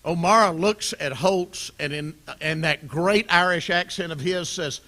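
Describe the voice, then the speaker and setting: A middle-aged man hosting a club luncheon, telling stories with a jovial manner and quick asides. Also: a little high, bright, forceful tone. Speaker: event host. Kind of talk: luncheon emcee remarks.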